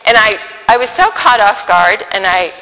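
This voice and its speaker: A middle-aged woman telling a personal faith story in an animated way, acting out the dialogue and laughing often. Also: mid-range voice, normal speed. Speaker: speaker sharing a faith testimony. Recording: echoey hall with long reverb.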